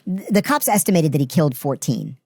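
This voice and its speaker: A middle-aged man telling blunt, deadpan stories as a podcast guest, casually and with some profanity. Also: a little high, a little fast, dry recording. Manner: blunt, profane, deadpan delivery of grim anecdotes. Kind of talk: casual storytelling.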